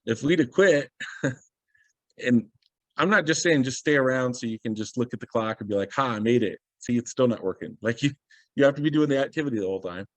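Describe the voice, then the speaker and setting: A man's voice: medium pitch, brisk, no echo. A man speaking as a guest on a video call, telling a story with energy and acting out what people said. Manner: animated storyteller, acts out quoted dialogue.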